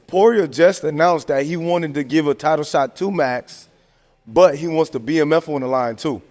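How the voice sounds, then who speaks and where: A man with a fairly high voice rants animatedly in casual, slang-heavy sports talk, leaning on fillers as he goes. He hosts the show, and a long reverb trails behind every word. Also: normal speed, a little mellow. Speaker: podcast host.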